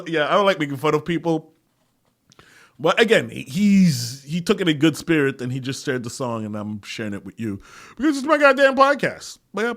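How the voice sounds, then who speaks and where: A man's voice: a little high, a bit bright. A man hosting his own podcast in casual, profane talk, often breaking into laughter. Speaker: podcast host. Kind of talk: casual solo podcast chat.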